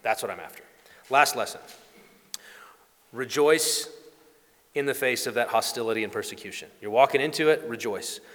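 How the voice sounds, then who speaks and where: Male preacher, animated sermon delivery with acted asides, recorded in a reverberant hall. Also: mid-range voice, moderate pace, long pauses. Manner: animated storytelling, acts out quoted voices.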